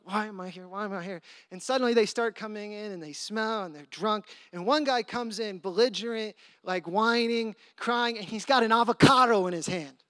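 Animated man telling a sermon story. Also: extremely high pitch, clean tone, no room sound, studio quality. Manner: animated, acts out voices in his story. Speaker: pastor.

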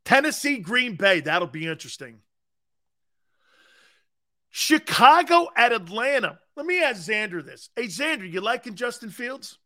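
A man's voice: very high voice, very animated, a little slow, sharp tone. A middle-aged man hosting a sports talk show, chatting casually, joking and laughing often with rambling asides. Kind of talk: casual sports radio banter.

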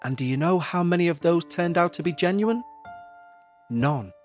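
A man playing a sceptical priest who speaks in a calm, sarcastic, condescending way. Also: on the high side, normal speed, faint music behind, natural voice. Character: sceptical, patronizing middle-aged male priest.

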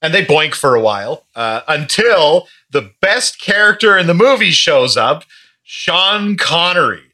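A man hosting a casual podcast chat, recapping a movie with wry, lively humor and frequent swearing. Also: fairly high pitch, measured pace.

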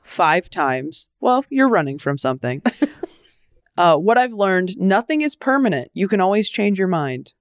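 A young woman co-hosts a casual podcast, her voice sitting a bit low. She tells stories with sarcastic, animated asides. The sound is close and completely dry. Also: measured pace, no room sound. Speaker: podcast co-host. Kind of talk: casual chat. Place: living in New York.

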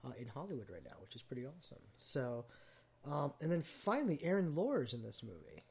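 A man's voice: mid-range voice, sing-song, brisk, creaky, a little mellow, breathy edge. A man hosting a podcast, chatting casually about a film and piling on cast trivia with plenty of ums. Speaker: podcast host. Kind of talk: casual movie chat.

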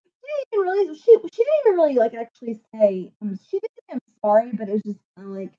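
Lively high woman, dull lo-fi sound. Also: quick pace. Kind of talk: casual chat, recounting a story.

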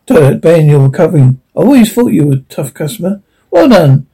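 A man's voice: on the high side, sing-song, a little fast, vocal fry, dark tone, husky, full character voice. A man voicing an eccentric, inquisitive male time-traveller in a read-aloud script.

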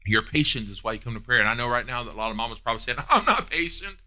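A man preaching a sermon as pastor, with a folksy manner, swinging from loud high peaks down to soft hushed asides. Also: level tone, very fast. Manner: folksy, uses down-home phrasing.

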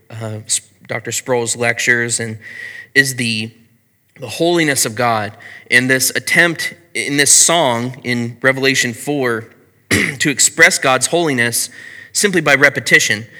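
A man teaching a Bible study in a conversational way, asking his listeners questions and often clearing his throat. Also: mid-range voice, bright, forceful tone, in a large hall.

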